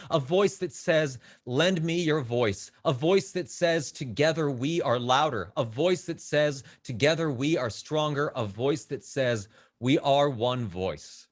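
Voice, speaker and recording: A man at an online open mic, reading a rhythmic, rhyming spoken word poem and chatting nervously over a video call, with some swearing. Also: on the high side. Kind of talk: spoken word poetry and casual chat.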